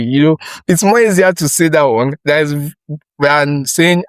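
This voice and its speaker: A young man with a Nigerian accent hosting a podcast, asking rambling, animated questions with frequent restarts. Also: a little high, a little slow, no room sound, rough recording. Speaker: podcast host. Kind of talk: casual interview chat.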